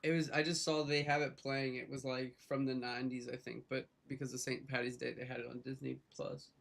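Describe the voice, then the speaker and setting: Easygoing gravelly man chatting on stream. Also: medium pitch, little pitch movement, brisk, a bit bright. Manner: easygoing, rambling, laughs often. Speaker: trading stream co-host. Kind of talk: casual chat on a live trading stream.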